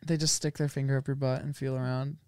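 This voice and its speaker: Young male co-host, offhand and jokey, clean smooth tone, mid pitch. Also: flat delivery, fast, dark tone, no room sound, studio quality. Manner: jokey, offhand, easygoing banter. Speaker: podcast co-host. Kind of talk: casual chat.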